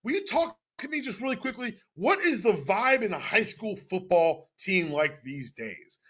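A man in his thirties hosts a casual sports podcast with a high, bright voice. He teases and plays mock outrage. The audio is dull and lo-fi. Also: very animated, normal speed, slightly rough. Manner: playful, mock-indignant and joking. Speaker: podcast host.

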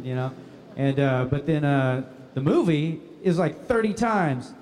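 A man's voice: a little high, unhurried, in a large hall, slight background noise. A man answering fan questions at a convention panel in a casual, laughing storytelling manner. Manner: laughing, animated anecdotes acting out other voices.

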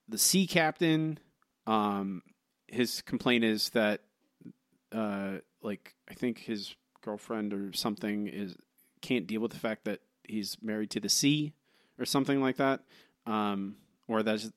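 A man's voice: on the low side, dry recording, clean studio sound. Teasing, rambling male podcast host. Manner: teasing, rambling with many fillers. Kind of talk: casual trivia chat.

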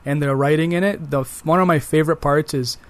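Eager man, slightly high voice. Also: fairly even intonation, fast, dry recording. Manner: enthusiastic, repeats words while thinking. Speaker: podcast co-host. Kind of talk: casual game discussion.

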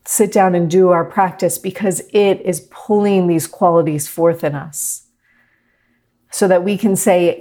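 A middle-aged woman teaching a meditation class, talking gently and reflectively to her students. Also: lowish voice, steady tone, a little slow. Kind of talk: guided meditation talk.

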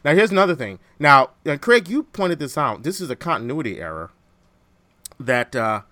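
A man hosting a podcast in casual chat, animated and jokey. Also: on the high side, moderate pace, dry recording. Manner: animated, jokey, quotes lines from films. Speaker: podcast host.

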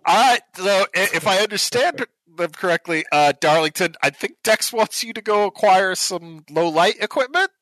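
A man's voice: sits high, animated, normal speed, few pauses, a bit bright, dry recording, rough recording. A man running a tabletop role-playing game as game master, playful and teasing his players with frequent laughs.

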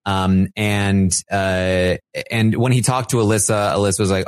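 A man co-hosting a podcast, casually recapping events and acting out what people said in animated voices. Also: moderate pace, no room sound. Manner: animated, acts out quotes in high put-on voices. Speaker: podcast co-host.

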